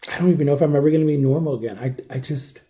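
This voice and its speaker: A grieving, shaken man talking straight to camera in an emotional storytime vlog, halting and raw, often sinking to a near whisper. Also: fairly high pitch, warm tone. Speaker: vlogger.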